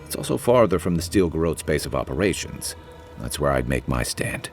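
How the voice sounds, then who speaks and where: An actor voicing a gruff, plain-spoken man in a video game. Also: rumbling low, very animated, fairly quick, soft background music, exaggerated voice. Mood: blunt.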